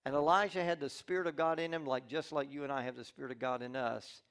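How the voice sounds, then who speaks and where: A male pastor preaching a sermon, telling a Bible story with lively acted-out character lines and frequent restarts. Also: mid-range voice, fast, clean tone. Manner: restarts and repeats words often.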